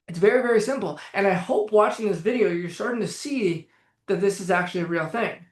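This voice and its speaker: A man's voice: high-pitched, a little fast. A man coaching on anxiety in a live-streamed talk, blunt, emphatic and full of swearing. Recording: echoey room.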